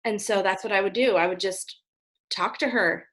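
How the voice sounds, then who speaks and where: A woman's voice: medium pitch, normal speed, fairly bright tone. Earnest woman explaining at length. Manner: earnest, explains at length, often adds "right?". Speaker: parenting guest. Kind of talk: casual interview talk.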